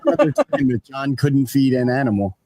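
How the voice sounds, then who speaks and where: A man's voice: medium pitch, wildly swooping pitch, fairly quick. Teasing man, crowd in the background. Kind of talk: casual podcast chat.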